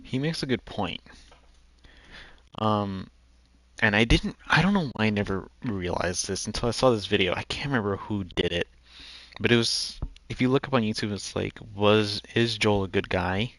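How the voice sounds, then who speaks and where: Lower-voiced man rambling over a game. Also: lively intonation, moderate pace, a bit bright, no room sound. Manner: rambling, restarts a lot. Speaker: gaming video host. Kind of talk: let's play commentary.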